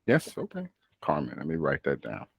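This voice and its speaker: Low-voiced man coaching speaking. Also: wildly swooping pitch, moderate pace, creaky, a bit bright, breathy edge, no room sound, studio quality. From United States. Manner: patient, coaching, self-interrupting. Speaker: speaking tutor. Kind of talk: one-on-one practice session.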